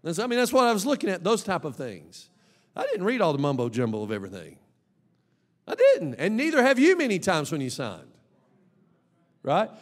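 Brief: high-pitched male pastor, emphatic sermon delivery, long church-hall reverb. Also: huge pitch swings, fairly quick, long pauses. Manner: emphatic, swings between soft asides and loud exhortation. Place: church sanctuary.

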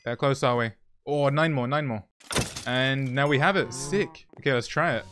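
An excitable young man talks through his video game session with quick jokes and self-mocking remarks. His voice sits at a middle pitch, and faint music plays underneath. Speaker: gaming YouTuber. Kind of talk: playthrough commentary with voice-over narration.

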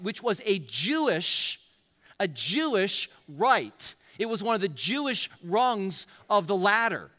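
Pastor guy preaching a sermon, high bright voice, lots of repeating, echoey church hall. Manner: energetic preaching with repetition and quoted scripture. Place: church auditorium.

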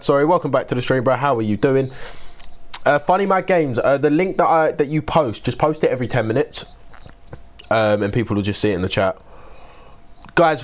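A nineteen-year-old British man live-streaming, casually chatting, answering viewers by name and swearing and grumbling as he plays. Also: medium pitch. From United Kingdom. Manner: swears and grumbles while playing.

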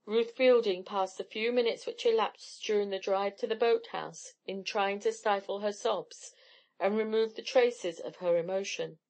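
Woman, audiobook narrator, steady expressive reading, mid pitch. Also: moderate pace. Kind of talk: scripted narration.

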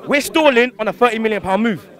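A man's voice: very high voice, lively intonation, quick pace, a bit bright. A young man, a football fan ranting outdoors after a match, heated and full of slang and swearing. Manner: heated, swearing, slang-heavy, rhetorical questions. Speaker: fan interviewee. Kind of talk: angry post-match fan rant.

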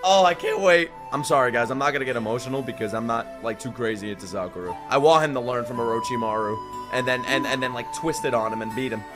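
A man giving casual live reaction commentary while watching an anime, swearing freely and swinging between quiet muttering and loud outbursts. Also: medium pitch, quick pace, few pauses. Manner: excitable, profane, swings from muttering to shouting. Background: faint anime soundtrack music.

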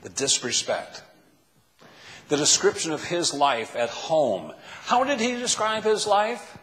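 A man's voice: on the high side, very animated, slow pace, fairly bright tone. A man preaching a sermon as a pastor, asking the listeners question after question. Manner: asks the listeners many questions. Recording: long hall reverb.

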